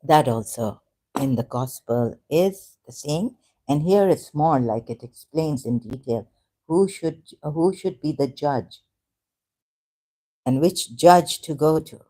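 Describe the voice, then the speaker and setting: A native Urdu speaker with a dark, mellow tone and an ordinary middle pitch. The talk is a casual monologue on faith, hesitant and halting, with many fillers and self-corrections. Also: lively intonation. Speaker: ex-Muslim vlogger.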